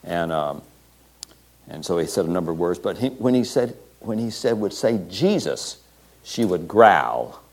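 A man preaching, retelling a pastor's story with scripture quotes, speaking haltingly with many fillers and restarts. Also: low voice, lively intonation, darkish tone. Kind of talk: sermon storytelling.

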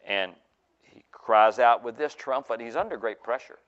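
A man's voice: medium pitch, normal speed, a bit bright. Muffled male preacher with many fillers. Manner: emphatic with many fillers and restarts. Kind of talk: sermon.

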